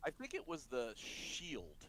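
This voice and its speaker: A man's voice: mid-range voice, huge pitch swings, slow pace, a bit bright. A man co-hosting a casual anime discussion podcast, filling in details and reflecting thoughtfully, with some hesitations. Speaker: podcast co-host.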